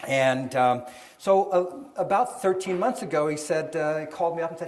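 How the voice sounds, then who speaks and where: Speaking at a normal speed in a slightly high voice, a middle-aged man who writes books and leads seminars narrates a story before an audience in an event hall. He performs the different voices in the tale.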